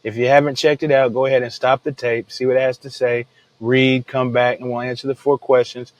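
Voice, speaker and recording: Through a podcast microphone and a rough recording, a man delivers a daily Bible devotional, recasting scripture in casual, slangy speech. He's laid-back and says "man" often, with a mid-range voice that is flat and brisk.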